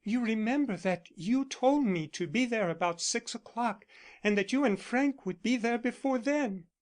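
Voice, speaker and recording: A man's voice: extremely high pitch, normal speed, pitched above the performer's own voice. A man reading the part of a composed young woman who speaks firmly, in an audiobook. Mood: recounting. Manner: firm, matter-of-fact.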